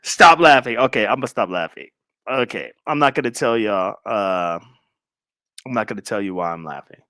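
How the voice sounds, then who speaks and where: A man's voice: lowish voice, normal speed, fairly bright tone, no echo, studio quality. A man hosting a casual livestream, rambling and distracted as he talks to viewers in chat. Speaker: livestream host.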